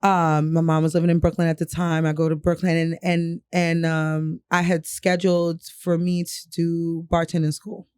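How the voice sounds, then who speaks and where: A woman's voice: on the low side, flat delivery, normal speed, hardly any pauses, darkish tone, clean tone, no echo. A young woman from New York telling a personal story on a podcast, candid and profane, often laughing. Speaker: podcast co-host. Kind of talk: casual storytelling chat.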